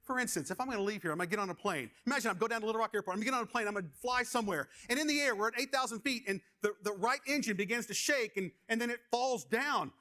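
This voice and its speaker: A man's voice: sits high, rapid-fire, hardly any pauses. A middle-aged man preaching a sermon, telling stories with lots of energy and often repeating words as he gets going. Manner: animated storytelling, repeats words when excited. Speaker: pastor.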